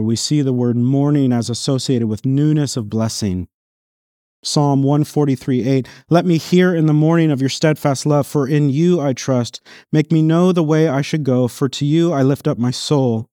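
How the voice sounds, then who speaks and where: A man preaching a sermon as pastor, reading scripture aloud in an earnest voice that swells on emphatic lines and drops low and quiet on solemn ones. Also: normal speed, no room sound, clean studio sound. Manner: reads scripture passages aloud within the sermon.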